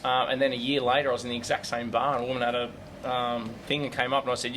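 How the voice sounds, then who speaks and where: A man's voice: mid-range voice, little pitch movement, rapid-fire, a bit bright, slight background noise, rough recording. A young Australian man, a stand-up comedian, talking bluntly and dryly with plenty of swearing in a casual podcast chat.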